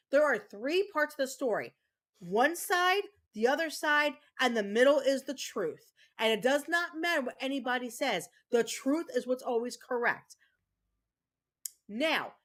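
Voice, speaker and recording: A woman's voice: sits high, a bit bright. A woman streamer, a mother, angrily ranting to her chat while playing a game, swearing and repeating herself. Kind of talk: casual livestream chat while gaming.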